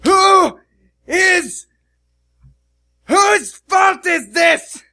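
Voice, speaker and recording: A short-tempered dwarf captain of the guard storms in, bellowing every line in a strained, raised voice, as a man puts him on. He is gruff and blustering, with a bright, forceful tone in a dry, close recording. The delivery is loud enough to tip into shouting. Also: extremely high pitch, expressive, takes it slowly, dry recording, pitched above the performer's own voice, heavily acted. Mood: furious.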